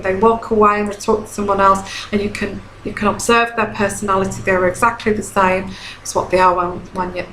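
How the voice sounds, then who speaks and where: A woman's voice: medium pitch, a bit bright. Woman, tarot reader, chatty advice talk, keeps repeating herself, roomy echo, faint background hum. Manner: chatty, repeats herself, frequent "okay?" checks. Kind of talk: casual advice monologue. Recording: echoey room.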